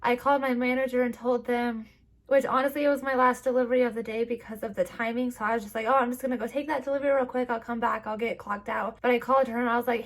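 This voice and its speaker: A young woman vlogger, teary, telling a personal story in a halting way with many restarts. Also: a little high, little pitch movement.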